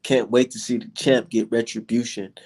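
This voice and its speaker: A man's voice: mid-range voice, level tone, normal speed, darkish tone. A man hosting a casual boxing livestream, ranting with heavy profanity.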